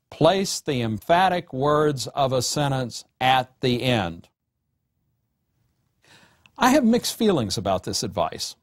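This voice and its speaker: A man giving a recorded lecture on writing, speaking in a measured, deliberate way and slowing down to read example sentences. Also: medium pitch, breathy edge, no room sound, clean studio sound.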